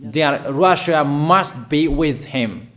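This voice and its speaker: Guy preaching declarations, kinda high voice, stops and starts, hammers the same points. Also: animated, fairly bright tone. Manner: emphatic, repetitive, addresses listeners directly; halting, with pauses and fillers. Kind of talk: declaratory sermon.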